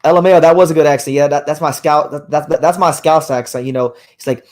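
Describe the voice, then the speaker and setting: A hoarse man hosting a live boxing news show, talking casually and rambling with frequent restarts and fillers. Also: on the high side, fairly even intonation, fast talker, hardly any pauses, darkish tone. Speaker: boxing podcast host.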